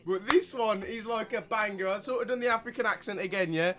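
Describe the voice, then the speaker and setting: A man's voice: high-pitched, fairly quick, sharp tone. A young man hosting a gaming channel, giving a rambling, slangy, hyped intro. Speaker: YouTube gaming host. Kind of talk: casual video intro.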